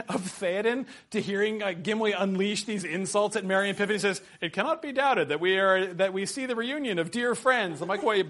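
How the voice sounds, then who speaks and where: Animated man leading a class discussion. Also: fairly high pitch. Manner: animated, quoting passages with excitement.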